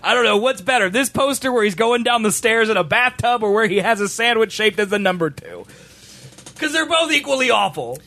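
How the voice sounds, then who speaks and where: A man's voice: high-pitched, lively intonation, fairly quick, sharp tone. A man in casual chat, joking while reading web pages aloud about a movie.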